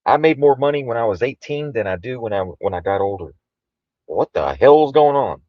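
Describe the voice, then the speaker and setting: A man's voice: medium pitch, expressive, fairly quick, no room sound, dull audio. A man in his forties, co-hosting a show, making wry remarks in casual chat.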